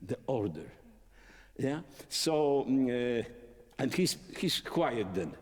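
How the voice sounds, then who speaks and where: A man teaching a violin masterclass, singing musical phrases in syllables and explaining tempo and dynamics in halting speech with many fillers. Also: mid-range voice, sing-song. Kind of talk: masterclass instruction. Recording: long hall reverb.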